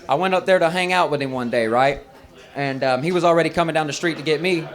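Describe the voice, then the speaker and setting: A man's voice: on the high side, quick pace. Brash, profane male stand-up comic. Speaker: stand-up comedian. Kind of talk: stand-up comedy set. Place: bar stage at an open mic.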